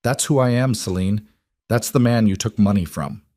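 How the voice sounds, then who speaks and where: A man's voice: fairly low pitch, moderate pace, darkish tone, dry recording, clean studio sound, lightly acted. A man voicing a tense, bitter mafia boss in an audio crime story, speaking in terse lines.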